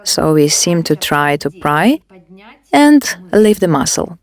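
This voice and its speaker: Female instructor, slightly low pitch, calm stepwise guidance. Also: slow. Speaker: beauty device instructor. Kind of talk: instructional demonstration.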